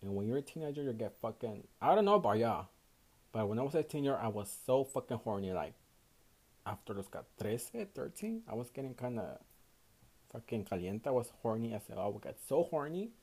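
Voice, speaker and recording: A man's voice: medium pitch, lively intonation, brisk, a little mellow, breathy edge. A young man from Houston with a Mexican Spanish accent hosts a casual solo podcast, worn out after a night shift, swearing freely and switching between English and Spanish. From Houston, Texas, USA. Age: young adult. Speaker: podcast host.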